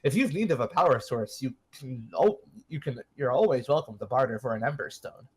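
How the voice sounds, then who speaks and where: A man's voice: mid-range voice, animated, brisk, a little mellow, slightly rough. A man voicing a pompous male merchant board member in a tabletop game. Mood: smug.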